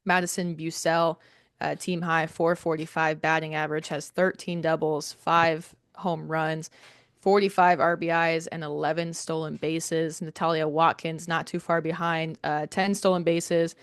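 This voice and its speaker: A young woman co-hosting a sports podcast, reading team stats in a steady list with filler ums, recorded with headphones on a close mic. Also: deep voice, unhurried, smooth, no echo. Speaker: podcast co-host. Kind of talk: reading softball stats preview. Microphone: headphones and studio mic.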